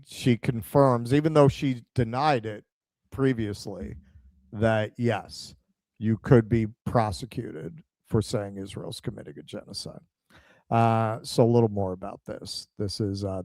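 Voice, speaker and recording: A man's voice: medium pitch, warm tone, dry recording. A man co-hosting a political stream, reading headlines aloud and adding sardonic comments. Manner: sardonic, reads headlines in a slower measured tone. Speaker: political show co-host.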